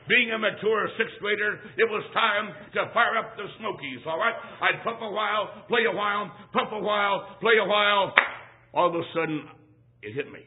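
A man preaching as a traveling evangelist at a church service, telling a humorous personal story, swinging between shouts and hushed asides. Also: high-pitched, creaky. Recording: tinny lo-fi phone-like recording.

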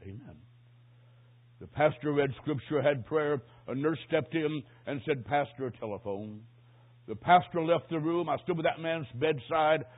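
A man preaching a sermon as he tells a story, swinging dramatically from hushed tones to shouts. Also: fairly high pitch, normal speed. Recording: tinny phone-line sound.

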